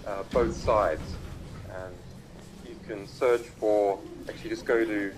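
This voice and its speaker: A man giving a remote public talk over a video link, halting and full of fillers and restarts as he speaks. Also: lowish voice, steady tone, background noise. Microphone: video call played through a laptop speaker.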